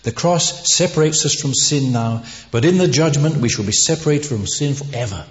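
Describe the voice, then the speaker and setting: A man's voice: mid-range voice, animated, moderate pace. A man preaching a sermon, earnest and emphatic, lifting his voice on key words. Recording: dull, echoey hall recording.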